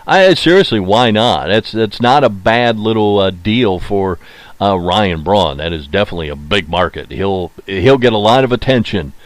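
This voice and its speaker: A man hosting a solo sports podcast, opinionated and chatty, repeating his points and filling pauses with "uh.". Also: fairly low pitch, lively intonation, no room sound. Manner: opinionated, mocks teams in put-on quoted voices; frequent filler "uh" and repeated phrases. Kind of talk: casual solo sports talk.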